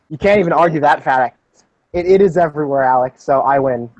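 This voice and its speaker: A man's voice: on the high side, normal speed, darkish tone, highs cut off. A young man hosting a casual group chat over a voice call, joking and sarcastic, rambling on. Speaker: podcast host.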